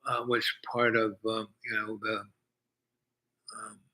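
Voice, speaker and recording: An older man from New York telling a long personal story in a halting way, full of fillers and restarts. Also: lowish voice, monotone, sharp tone, poor audio. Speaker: storyteller host. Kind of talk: rambling personal anecdote.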